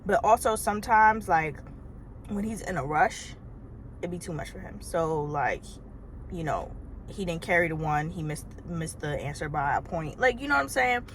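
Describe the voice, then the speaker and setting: A woman in her thirties, originally from Trinidad, telling a casual storytime vlog from her car in an animated, chatty way with exasperated asides. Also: fairly low pitch, normal speed, slight background noise. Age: 30s. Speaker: vlogger. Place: parked car.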